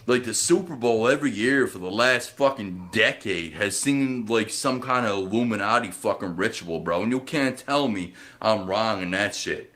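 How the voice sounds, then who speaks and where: A man's voice: lowish voice, moderate pace, few pauses, a bit bright. Rambling, profane male livestreamer from Canada. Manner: rambling, profane, conspiratorial, says man a lot.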